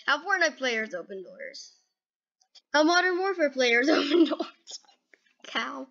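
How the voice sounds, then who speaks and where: Excitable high bright-voiced woman reacting. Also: takes it slowly, vocal fry, lo-fi sound. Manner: excitable, chatty, keeps saying okay and dude. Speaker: gaming video host. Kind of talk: casual reaction commentary.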